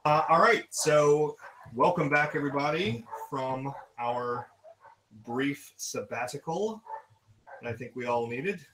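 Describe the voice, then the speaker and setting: A man's voice: a little high, lively intonation, a bit bright, a little hiss or hum, rough recording. Man narrating as game master. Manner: descriptive, unhurried narration with fillers.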